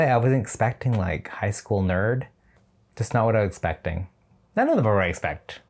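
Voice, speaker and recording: A man's voice: lowish voice, darkish tone. Chatty man giving shady reaction commentary. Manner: chatty, opinionated, slightly shady asides. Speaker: drag show reviewer.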